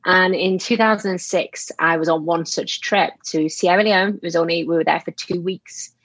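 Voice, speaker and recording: Woman, strong Yorkshire accent, earnest storytelling, lowish voice, dry close sound. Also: fairly even intonation, normal speed, fairly bright tone, dry recording, poor audio. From Yorkshire, England. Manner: earnest, self-deprecating, frequent ums. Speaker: guest, author. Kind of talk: conversational storytelling.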